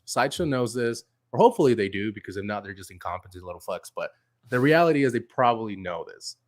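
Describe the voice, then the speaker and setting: A man's voice: fairly low pitch, lively intonation, fast, no room sound, clean studio sound. A man giving blunt, profane opinions in a casual podcast chat. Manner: blunt and profane, reasons things out. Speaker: podcast guest.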